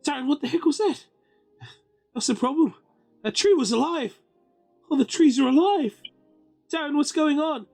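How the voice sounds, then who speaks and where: A man's voice: very high-pitched, lively intonation, moderate pace, vocal fry, pauses often, a little mellow, faint music behind, voice pushed up, heavily acted. A man voicing an anxious middle-aged woman of the house, worried and pleading, in a tabletop game.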